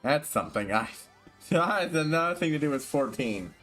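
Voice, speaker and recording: A man's voice: on the high side, lively intonation, normal speed, fairly bright tone, soft background music. Swearing male game streamer. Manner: swears a lot, stumbles over words. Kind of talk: casual gaming commentary.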